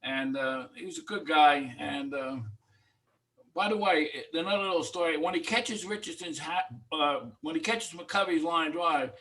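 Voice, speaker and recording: A man's voice: a little high, steady tone, moderate pace, pushed and bright. A man telling an easygoing story on a video call. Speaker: meeting participant. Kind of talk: casual Zoom talk. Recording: distant video call mic.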